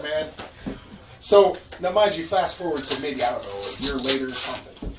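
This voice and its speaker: A man's voice: a little high, normal speed. A man co-hosting a casual podcast, telling profane stories with frequent laughter. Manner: profane animated storytelling, laughs often. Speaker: podcast co-host. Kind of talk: casual chat. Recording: echoey room from a distance, faint noise.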